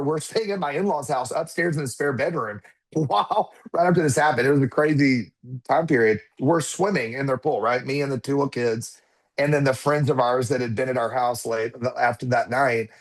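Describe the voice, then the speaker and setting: A man in his thirties, a podcast guest, telling a personal story in conversation and acting out what his children said. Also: medium pitch. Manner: animated, acts out quotes of his children.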